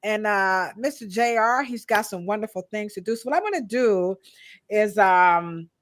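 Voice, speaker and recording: A woman co-hosting a live-stream podcast, chatting casually and shouting out viewers in the chat by name. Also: medium pitch, normal speed. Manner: casual, slangy American speech. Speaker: podcast co-host.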